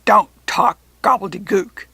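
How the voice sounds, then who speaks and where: A woman voicing a spiteful male ice villain who sneers, cackles and shouts loudly. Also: fairly low pitch, a little slow, vocal fry, slightly rough, no echo, pitched below the performer's own voice, heavily acted. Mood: sneering.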